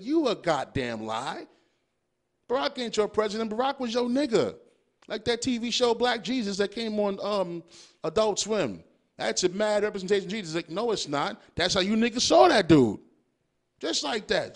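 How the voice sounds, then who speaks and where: A man's voice: sits high, normal speed. A young adult man hosting a podcast, delivering a profane, casual monologue full of rhetorical questions. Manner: animated, swearing freely, riffing with rhetorical questions. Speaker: podcast host.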